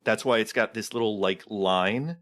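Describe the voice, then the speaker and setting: Low-voiced man explaining game design. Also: normal speed, fairly bright tone. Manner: thoughtful, explanatory, many "like" fillers. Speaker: podcast guest, game developer. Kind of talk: casual chat about tabletop games.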